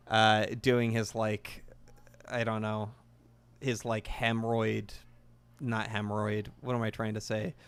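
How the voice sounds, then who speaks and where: A man's voice: mid-range voice, fairly bright tone, clean tone, no echo. A man in his twenties chatting casually while playing a game, rambling and enthusiastic. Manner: rambling, enthusiastic, restarts often. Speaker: gaming video creator.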